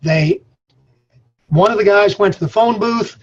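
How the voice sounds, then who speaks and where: A man's voice: high-pitched, a little slow, highs cut off. Folksy older man giving a webinar talk. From Colorado. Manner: folksy, storytelling, says y'all. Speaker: extension speaker on farm mental health. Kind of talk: webinar presentation. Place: his office.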